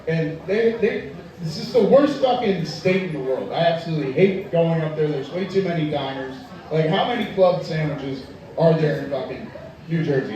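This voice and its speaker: A man doing loud profane stand-up, echoey and distant. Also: fairly high pitch. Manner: profane, loud storytelling, crowd work. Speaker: stand-up comedian. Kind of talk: stand-up comedy set. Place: tavern stage. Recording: echoey room from far off.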